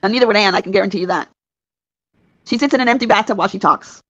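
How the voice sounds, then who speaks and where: A woman's voice: mid-range voice, very fast, no room sound. A woman hosting a livestream who agrees and chimes in with short jabs while reading viewer comments. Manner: agreeing, egging on, short replies. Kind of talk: casual livestream chat. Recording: dull, slightly lo-fi audio.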